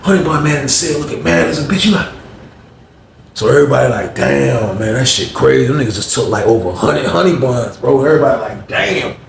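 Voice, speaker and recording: A man telling a story in an animated, profane way, acting out the voices of the people in it, recorded in an echoey room. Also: mid-range voice, fast, gravelly, a crowd in the background.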